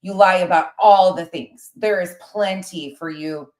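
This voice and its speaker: A woman with a very low voice delivers sarcastic, scolding commentary. The sound is roomy and echoey. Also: a little slow, a little mellow. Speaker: commentary creator. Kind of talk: critical commentary over a stream.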